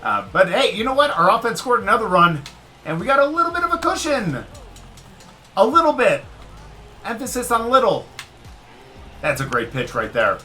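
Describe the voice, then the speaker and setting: Commentating a baseball video game let's-play style, a gaming video creator with a fairly high, bright voice talks a little fast and swings his pitch hugely. He addresses the game directly, cheering and groaning at each pitch over soft music.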